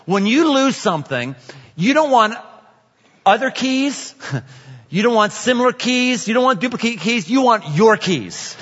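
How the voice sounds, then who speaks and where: A man's voice: very high voice, sing-song, unhurried, fairly bright tone. A man preaching a sermon as a pastor, telling stories conversationally and repeating key phrases for emphasis. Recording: echoey hall, dull lo-fi sound.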